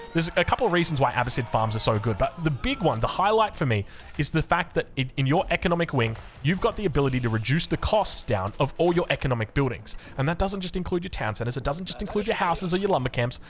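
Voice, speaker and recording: A man's voice: on the high side, fairly bright tone. A young Australian man giving chatty, enthusiastic commentary on a strategy game match, wandering into rambling asides. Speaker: game caster. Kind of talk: esports commentary.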